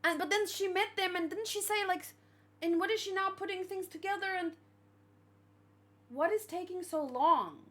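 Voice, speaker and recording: A young woman hosting a manga read-along, reacting in a chatty, exclamatory way and thinking out loud. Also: very high-pitched, fairly even intonation, a little fast. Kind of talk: casual reaction commentary.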